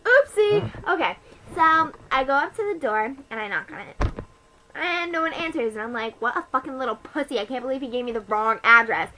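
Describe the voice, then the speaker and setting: Bratty teen gossip played by a teenage girl, high and bright, rambling and profane. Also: expressive, brisk, poor audio. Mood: snarky. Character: snarky ditzy teenage girl gossiping about a date. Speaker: comedy vlogger. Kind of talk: improvised comedy monologue.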